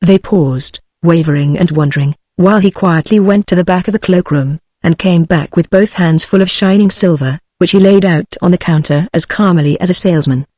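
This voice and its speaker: A synthetic text-to-speech voice reading a classic novel aloud as an audiobook, in an even, mechanical delivery. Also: medium pitch, normal speed, few pauses, no room sound. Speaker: audiobook narrator.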